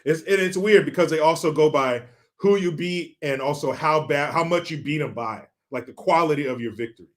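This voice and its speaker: A man from California hosts a casual livestream and chats through viewer comments. He jokes and swears freely and laughs as he goes. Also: fairly high pitch. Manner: profane, joking, chatty, pauses to laugh. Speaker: livestream host.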